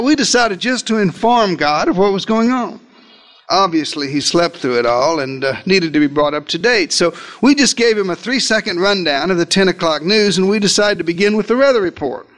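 Male preacher, high voice, dramatic first-person storytelling sermon, talks straight to the congregation. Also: fairly bright tone. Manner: addresses listeners directly.

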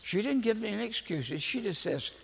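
An older man, preaching as a folksy, animated storyteller who laughs at his own jokes. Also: high-pitched, normal speed, creaky, slightly rough. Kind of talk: storytelling sermon. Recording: echoey hall with long reverb.

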